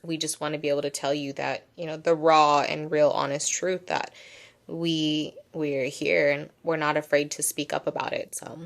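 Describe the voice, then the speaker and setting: A middle-aged woman co-hosting a casual podcast, heartfelt and quick to laugh. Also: low-pitched, flat delivery, gravelly. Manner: warm, heartfelt, laughs often. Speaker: podcast co-host. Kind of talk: casual chat.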